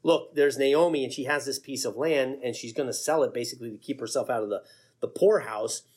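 A man doing a slick, smooth-talking dealmaker. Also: medium pitch, brisk, a little mellow, pitched below the performer's own voice, close to an everyday voice. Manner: breezy salesman patter.

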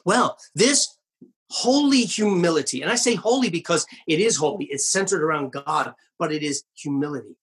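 A male pastor preaching a sermon in an earnest, emphatic way, with wry asides, slowing down and dropping low on key phrases. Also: expressive, a bit bright, slightly rough.

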